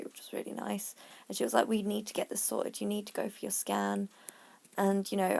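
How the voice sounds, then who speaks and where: Her voice is medium in pitch and creaky as she tells the camera a candid personal story. Slightly breathless and chatty, she occasionally lowers her voice almost to a whisper.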